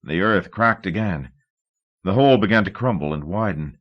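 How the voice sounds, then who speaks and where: A man narrating a novel in a measured, steady audiobook reading. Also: low-pitched, highs cut off.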